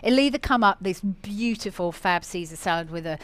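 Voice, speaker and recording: Chatty middle-aged woman, smooth voice. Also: mid-range voice, lively intonation, brisk. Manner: chatty, enthusiastic, warm-hearted rambling. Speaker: cooking show host. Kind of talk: live cooking demo chat.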